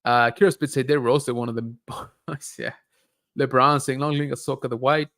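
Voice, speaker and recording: A man hosting a live stream, reading viewer comments aloud and reacting in a relaxed, chatty way. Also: mid-range voice, normal speed. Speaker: livestream host reading viewer chat. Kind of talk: casual live-stream chat.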